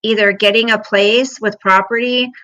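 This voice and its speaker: A woman's voice: mid-range voice, steady tone, moderate pace, sharp tone, dull audio. A middle-aged woman chatting casually with viewers on a livestream, rambling through personal stories in an emotional way. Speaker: livestream host.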